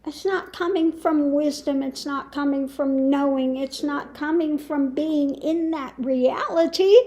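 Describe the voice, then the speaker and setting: A woman speaking as a spiritual teacher in a casual monologue, deliberate and scornful, with long pauses. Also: sits high, darkish tone. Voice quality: slow, deliberate with long pauses and frequent laughs. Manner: scornful, emphatic, mocking.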